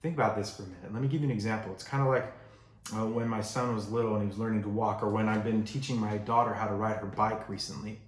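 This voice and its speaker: A male pastor preaching a sermon in a relaxed, conversational way, acting out the voices he quotes. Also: on the low side, fast talker, roomy sound, slight background noise. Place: church sanctuary.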